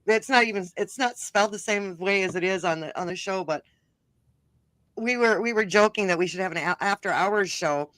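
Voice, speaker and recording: A woman's voice: mid-range voice, normal speed, a bit bright, no echo. A woman hosting a casual livestream talk show, easygoing, with many fillers and restarts.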